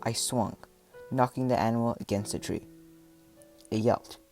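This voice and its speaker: A man reading a first-person adventure story aloud, with dramatic delivery and voiced shouts and animal sounds. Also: medium pitch, fairly even intonation, normal speed, faint music behind. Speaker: audiobook narrator.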